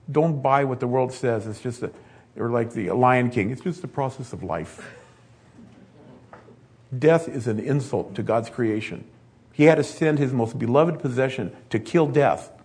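Male preacher, husky voice, conversational sermon, rising to emphatic bursts. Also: mid-range voice, unhurried, pauses often, darkish tone. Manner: conversational, building to emphatic peaks.

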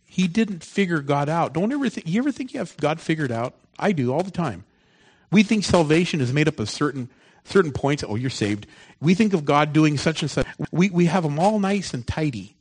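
A man preaching a sermon, moving from loud, emphatic lines to soft, hushed ones. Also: on the high side, expressive, a little fast, slightly rough, poor audio.

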